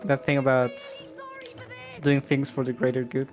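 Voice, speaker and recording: A woman's voice: a bass voice, little pitch movement, normal speed, faint music behind. A woman co-streaming a game, wry and laughing often. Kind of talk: casual gaming chat.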